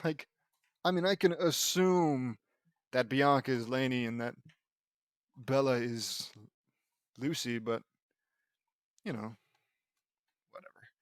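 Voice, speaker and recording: A man's voice: mid-range voice, slow, long pauses, dry recording, studio quality. A young man reading his fan fiction aloud, breaking off with rambling, sarcastic asides and swearing. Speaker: audiobook reader.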